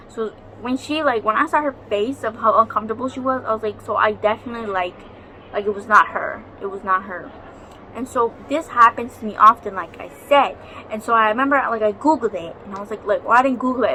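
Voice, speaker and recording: A woman's voice: on the high side, bright, forceful tone, slight background noise, rough recording. A young woman vlogging at home, telling a ghost story in a chatty, dramatic way and swearing freely. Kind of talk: casual storytelling vlog. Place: home, near a balcony.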